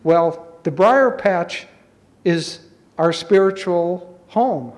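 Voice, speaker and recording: A man who teaches spirituality, explaining slowly and gently and telling a folk tale to make a point. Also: high voice, lively intonation. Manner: slow, measured, gently explaining. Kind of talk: spiritual talk with storytelling. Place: college hall.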